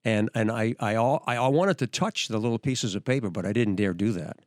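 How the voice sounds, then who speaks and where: A man's voice: on the low side, a little fast, darkish tone, dry recording, studio quality. An older man, a veteran news anchor, hosting a podcast and telling stories with enthusiasm and frequent restarts. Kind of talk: podcast storytelling.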